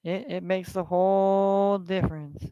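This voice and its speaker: A man's voice: high voice, fairly even intonation, measured pace, dark tone, smooth, no room sound, muffled recording. A man from California hosting a casual sports betting stream, rambling and swearing as he repeats himself. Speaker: sports betting podcast host.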